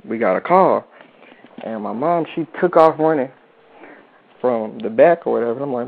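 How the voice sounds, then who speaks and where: A man's voice: medium pitch, normal speed, creaky, long pauses. A young man from North Carolina, earnestly recounting his own story as an interview guest, with lots of "like" and "you know". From Charlotte, North Carolina. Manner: earnest, informal, says "like" and "you know" a lot. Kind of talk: personal storytelling. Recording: tinny phone-like radio audio.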